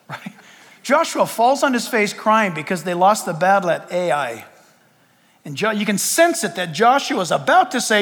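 A man preaches with a high, lively voice that leaps around as he acts out conversations. His delivery is animated and storytelling-driven. The sound carries a long reverb, as in a large hall. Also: measured pace. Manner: animated storytelling, acting out dialogue with God. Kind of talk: sermon.

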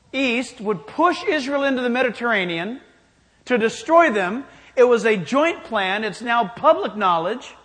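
A man's voice: very high voice, a bit bright. A man preaching a sermon in an emphatic style, challenging his listeners directly. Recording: long hall reverb.

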